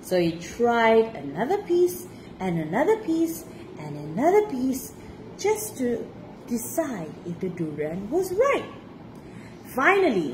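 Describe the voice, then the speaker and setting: A woman from Malaysia reading a children's storybook aloud to her child, expressive with laughing asides. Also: medium pitch, slight background noise, low-quality recording.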